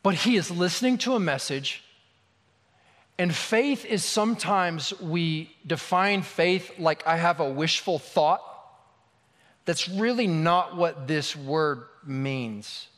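A man's voice: a little high, animated, takes it slowly, a bit bright. A man preaching a sermon as pastor, talking in a candid, conversational way with touches of humor. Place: church sanctuary. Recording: long reverb of a large hall.

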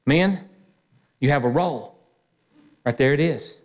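High-voiced pastor preaching in a reverberant hall. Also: male voice, measured pace. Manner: lively preaching with quoted asides. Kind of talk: sermon. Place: church sanctuary.

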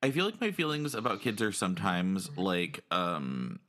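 A man in casual conversation, animated and often acting out little voices with a laugh. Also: deep voice, normal speed. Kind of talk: casual chat.

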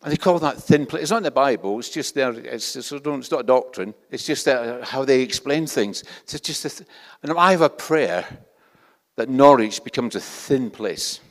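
A man's voice: mid-range voice, expressive, normal speed. Older Scottish man preaching in a hall. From Scotland. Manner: conversational, self-deprecating, with frequent restarts. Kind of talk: sermon.

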